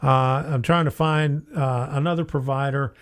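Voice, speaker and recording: A man's voice: medium pitch, steady tone, normal speed. A middle-aged man hosting a casual hobby live stream, chatty, laughing often and reading viewer comments aloud. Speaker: host of a model train live stream.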